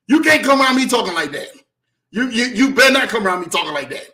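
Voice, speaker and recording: Man host with a high, bright voice, giving a preachy motivational faith talk that repeats lines and shouts often. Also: lively intonation, fast.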